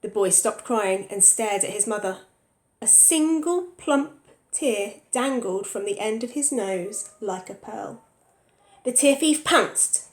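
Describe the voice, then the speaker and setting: Expressive woman reading a storybook aloud. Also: mid-range voice, takes it slowly, echoey room. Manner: expressive, stops to ask the children questions. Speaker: teacher reading to a class. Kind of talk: storybook read-aloud for young children.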